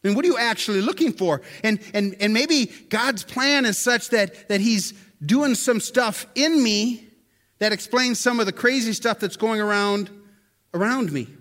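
A man's voice: high-pitched, normal speed, fairly bright tone. A man preaching a sermon in a conversational way, often asking the listeners questions and repeating words as he goes. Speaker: pastor.

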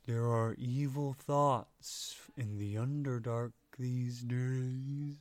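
A man voicing slow dreamy floating creatures. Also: medium pitch, steady tone, dry recording. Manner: very slow, drawn-out, halting delivery.

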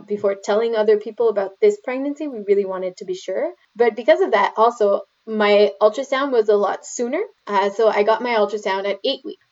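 A woman, chatting on a podcast and telling her stories in a lively way that acts out what others said. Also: mid-range voice. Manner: animated storyteller, acts out quotes. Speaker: podcast guest. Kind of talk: casual conversation. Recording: dull lo-fi podcast audio.

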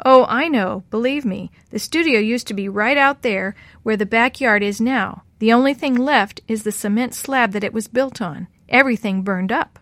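A lonely old woman speaks in a gentle, unhurried voice, as a woman reading the story puts her on. The sound is close and dry, with no room around it. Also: a little high, no room sound, close to an everyday voice. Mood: wistful. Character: lonely elderly woman, kind and wistful. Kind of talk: audiobook character reading.

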